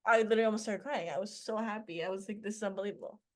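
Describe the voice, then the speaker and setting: A teenage girl, a former student and podcast guest, chatting in an animated storytelling way full of fillers. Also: mid-range voice, rapid-fire. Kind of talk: casual interview chat.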